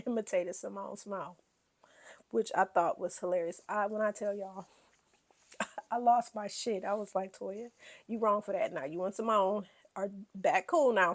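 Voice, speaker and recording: A woman hosting a casual reality TV recap, sassy and animated, laughing often as she dishes gossip. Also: medium pitch.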